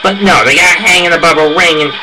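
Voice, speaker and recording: Speaking fast in a voice on the high side, a wrestling fan runs through his fight predictions. His casual monologue is opinionated and tends toward heated rants, captured in a rough recording with music underneath.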